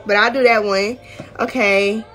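A woman's voice: medium pitch, fairly even intonation, a little slow, fairly bright tone. A teenage girl chatting candidly to viewers in a casual vlog, using slang like y'all and finna. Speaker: vlogger. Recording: music playing behind the voice.

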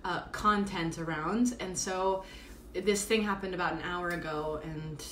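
A woman's voice: fairly low pitch, steady tone, unhurried, a bit bright, a little hiss or hum. Tired lady talking into her phone at home, rambly, lots of um and like, echoey room. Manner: chatty, rambling, many fillers. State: exhausted. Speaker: podcast host doing a live stream. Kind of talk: casual live-stream monologue. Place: at home, indoors. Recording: roomy echo, faint background ambience.

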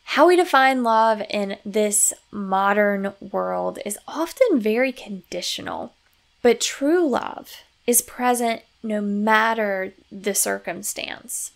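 A woman hosting a podcast, calmly explaining parenting strategies in an instructive, coaching manner. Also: on the high side, vocal fry. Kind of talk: instructive solo podcast talk.

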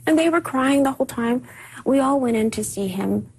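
A woman being interviewed on TV, recalling personal events in halting speech full of repeated words and restarts. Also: high voice, expressive, a little mellow, husky, low-quality recording. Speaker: interview guest. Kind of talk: emotional personal recollection in a TV interview.

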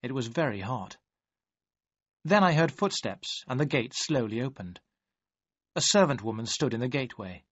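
A man reading a story aloud in measured, even storytelling narration. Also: mid-range voice, husky, dry recording. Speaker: audiobook narrator. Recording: dry, slightly dull audio.

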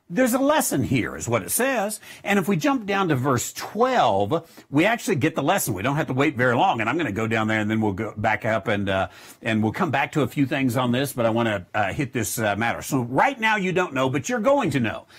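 A middle-aged man teaching a Bible lesson verse by verse, with a slightly husky voice. His pitch rises and falls lively as he stresses words while reading scripture and explaining it. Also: fairly quick. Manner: reads scripture aloud then explains it, animated emphasis.

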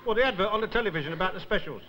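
Cheeky tramp, rapid patter, bright high voice, 1960s TV sketch. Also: male voice, animated, slight background noise, low-quality recording. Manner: cocky, rambling, calls everyone mate. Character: cheeky scruffy male tramp, argumentative.

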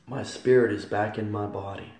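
A man giving a fervent church testimony in a hall, repeating phrases and swelling loud on key words. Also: fairly low pitch, fairly even intonation, moderate pace. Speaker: testimony speaker. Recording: echoey hall from far off.

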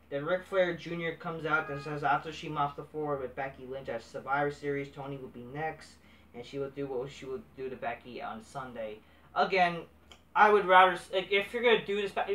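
A man's voice: on the high side, fairly bright tone, recorded from a distance. A man recapping a wrestling show in a casual, profane, dismissive way, swearing constantly. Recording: echoey room, off-mic.

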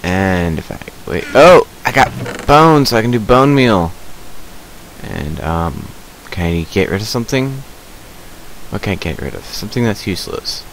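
A man's voice: fairly low pitch, sing-song, slight background noise, low-quality recording. A man chatting casually to his viewers while playing a survival game, rambling with lots of fillers. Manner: unhurried with many fillers. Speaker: gameplay video creator. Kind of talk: casual gameplay commentary.

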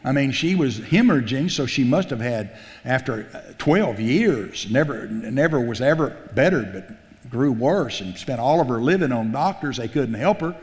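A man preaching a sermon in a church sanctuary, his voice ringing through a long hall reverb. He sits at a middle pitch and keeps a folksy, animated delivery, acting out the quotes and restarting his phrases. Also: moderate pace, a little hiss or hum. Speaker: pastor.

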